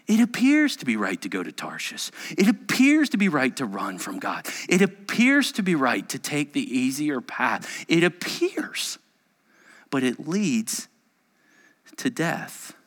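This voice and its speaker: A male pastor preaching a sermon dramatically, moving between loud urgency and hushed near-whispers. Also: mid-range voice, wildly swooping pitch, a little slow, long reverb tail.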